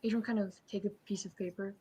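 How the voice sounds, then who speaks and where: A woman's voice: mid-range voice, steady tone, fast talker, warm tone, breathy edge. A woman player casually describing her character's actions at a tabletop game.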